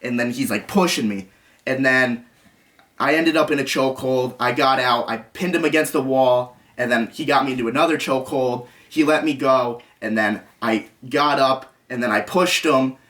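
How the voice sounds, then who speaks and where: A young man recounts a tense run-in straight to the camera, talking in restless, rambling bursts. His voice sits in a middling pitch as he keeps restarting sentences and slipping into quoted dialogue. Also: normal speed, a bit bright, recorded from a distance. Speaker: vlogger. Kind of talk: agitated storytelling to camera.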